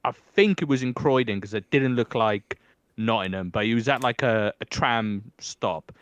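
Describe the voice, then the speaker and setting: A man's voice: mid-range voice, normal speed. A man from England co-hosting a podcast, telling stories in casual chat with lots of swearing and acted-out quotes. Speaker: podcast co-host.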